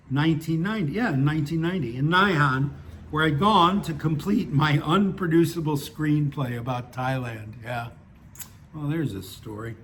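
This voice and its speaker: An older man with a fairly high voice reads his own stories aloud. He keeps wandering off into chatty, self-mocking asides before he picks the thread back up. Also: a bit bright, a little hiss or hum. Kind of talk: story reading with chatty asides.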